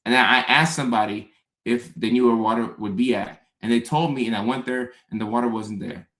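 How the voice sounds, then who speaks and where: A man's voice: mid-range voice, steady tone, a little fast, a bit bright. A man hosting his own show, talking casually to his audience in a rambling way, repeating himself and making self-mocking asides. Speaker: show host. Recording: roomy echoey room.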